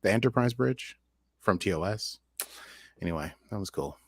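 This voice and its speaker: A man's voice: lowish voice, expressive, normal speed, no room sound, clean studio sound. A man co-hosting a podcast in casual chat, rambling and jokey. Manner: chatty, rambling, jokey asides. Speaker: podcast co-host.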